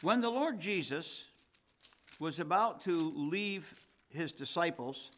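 A man's voice: fairly high pitch, lively intonation, slow, a bit bright. A man, the pastor, preaching a sermon in a conversational way and reading scripture with rising emphasis.

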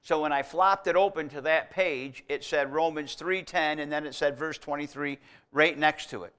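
A man delivers a teaching sermon in a relaxed, conversational way. He leans hard on key words and his loudness swings between loud and quiet. His voice sits fairly high for a man. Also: moderate pace, clear, resonant tone. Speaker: preacher teaching evangelism.

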